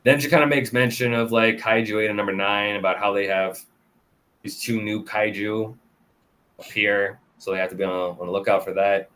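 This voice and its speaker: A man casually recapping anime episodes for a review show, talking loosely with lots of fillers and quick laughs. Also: lowish voice, fairly even intonation, fairly bright tone. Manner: loose and chatty, full of "like" and "kinda", laughs often.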